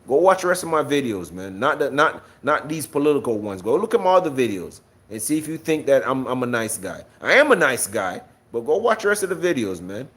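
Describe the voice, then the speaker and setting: A young man speaking in a thick Jamaican accent on a livestream, loud and boastful. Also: mid-range voice, very animated, fairly quick, few pauses. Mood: swaggering. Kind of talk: casual livestream chat in heavy Jamaican patois.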